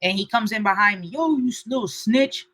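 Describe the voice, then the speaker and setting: Young woman co-host, bright and crisp, dry close sound, lively storyteller. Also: a little fast, no echo, rough recording. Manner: lively, acts out quotes with shifting pitch and loudness. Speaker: podcast co-host. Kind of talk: animated storytelling chat.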